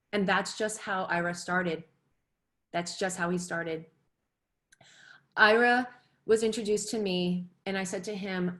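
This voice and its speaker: Energetic motivational woman coach. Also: lowish voice. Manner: energetic, earnest, motivational, with laughs and rising emphasis. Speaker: fitness and diet coach. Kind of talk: motivational webinar talk.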